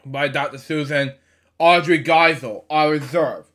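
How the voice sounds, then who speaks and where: A man with a fairly high voice reads a children's book aloud at an unhurried pace. He stumbles, fills gaps with fillers and corrects himself, then breaks off for casual asides before moving on to the next page. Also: fairly even intonation, a bit bright. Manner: stumbling reader, frequent fillers and self-corrections; chatty asides between pages. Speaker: storybook reader. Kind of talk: halting picture-book read-aloud.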